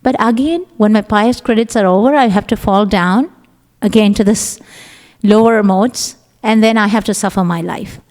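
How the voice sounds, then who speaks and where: A woman's voice: mid-range voice, normal speed, darkish tone. A woman giving a conversational scripture class to a temple group, sometimes acting out her own thoughts in quotes. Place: temple hall. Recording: echoey temple hall.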